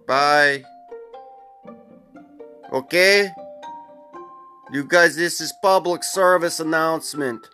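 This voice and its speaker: A man voicing a brash, crude Russian man who gives a comic public service announcement in broken English with a fake Russian accent. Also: fairly high pitch. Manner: loud, blunt, broken English.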